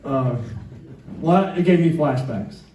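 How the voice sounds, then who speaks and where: A man's voice: on the high side, takes it slowly, very noisy. Southern man in his fifties doing stand-up. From Atlanta, US South. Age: 50s. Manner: self-deprecating, rambling with asides to the crowd. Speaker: stand-up comedian. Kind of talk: live stand-up set. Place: club stage with live audience. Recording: echoey room, distant mic, crowd laughter.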